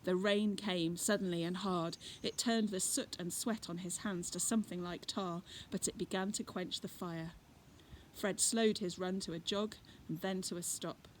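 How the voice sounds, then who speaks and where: A woman's voice: on the low side, steady tone, normal speed. A woman reading a children's adventure book aloud expressively, adding chatty asides. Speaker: reader. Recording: noisy recording.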